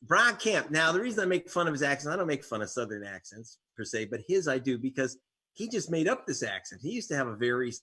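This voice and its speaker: Husky-voiced man telling wry stories. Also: mid-range voice, sing-song, fast, fairly bright tone. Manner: wry, storytelling with sarcastic jabs. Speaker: investigative reporter and author as guest. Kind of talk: interview conversation.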